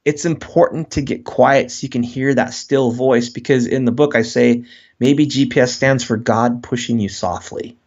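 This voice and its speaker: A man's voice: medium pitch, normal speed, lo-fi sound. A man, a guest author, speaking in a casual interview and acting out quoted voices as he talks. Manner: animated, acts out quoted voices.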